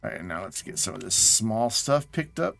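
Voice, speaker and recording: A man's voice: lowish voice, very animated, normal speed, gravelly, a bit bright, slight background noise. A man casually chatting to his viewers while playing a game on a live stream, sounding tired and yawning. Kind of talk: casual live gameplay chat.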